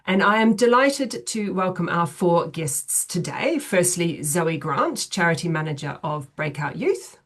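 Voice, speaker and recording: A middle-aged woman hosts a webinar over a video call, her voice sitting a little low. She speaks in a measured way, filling her pauses with ums and uhs as she runs through the housekeeping and the theme. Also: expressive. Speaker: chief executive hosting a webinar. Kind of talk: hosting an online webinar.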